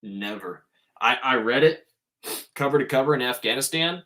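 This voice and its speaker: A man's voice: mid-range voice, lively intonation, normal speed, fairly bright tone. A man hosting a podcast, giving a casual spiritual monologue in an emphatic way and swearing freely.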